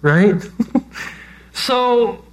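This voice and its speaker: A man's voice: high voice, animated, extremely slow. A man preaching a sermon as pastor, talking conversationally with self-deprecating jokes.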